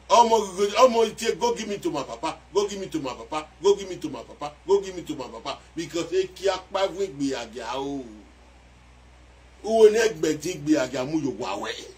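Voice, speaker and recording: A man with a Nigerian accent giving excitable casual commentary on a song, repeating phrases as he goes. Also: fairly high pitch, far from the mic. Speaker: music commentator.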